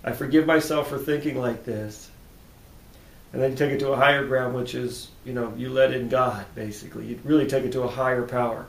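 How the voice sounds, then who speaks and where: A man who practices tapping therapy, speaking calm, repetitive self-affirmations that often drop to a hushed tone, then explaining his method. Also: fairly quick, creaky. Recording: roomy echo with faint rumble.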